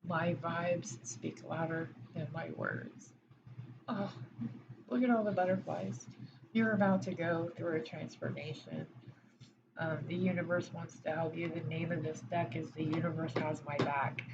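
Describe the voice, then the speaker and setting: A woman giving a pick-a-pile oracle card reading, speaking in a gentle, reassuring way with frequent hesitations. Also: sits low, fairly even intonation, measured pace. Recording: dull lo-fi sound with background noise.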